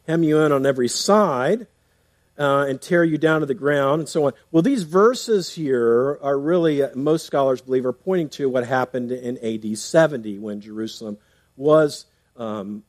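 A man's voice: medium pitch, a little mellow, no echo. A man preaching a sermon in a conversational way, reading scripture aloud and explaining it, often restarting with fillers. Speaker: pastor.

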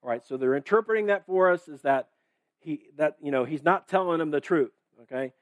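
A man with a fairly high voice delivers a sermon as pastor at a fairly quick pace, in a dry recording. Casual and conversational, he reads verses, comments on them, asks "right?" and "okay?" often, and fills his speech with fillers and restarts.

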